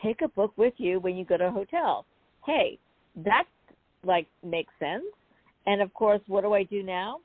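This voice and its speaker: A woman guest on an interview show, telling a personal story in a chatty, animated way with many asides. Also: mid-range voice, moderate pace, no echo. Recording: phone-like dry call audio.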